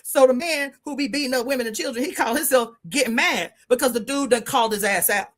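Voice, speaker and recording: A woman's voice: high voice, fast, a bit bright. Blunt, profane woman telling stories. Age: middle-aged. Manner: laughs through her stories. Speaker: guest. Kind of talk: casual storytelling on radio.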